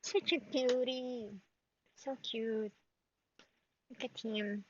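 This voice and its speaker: A woman's voice: fairly high pitch, steady tone, drawn-out words, darkish tone, a little hiss or hum. A woman streaming live, chatting to her cat in a giggly, baby-talking way. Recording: dull lo-fi stream audio.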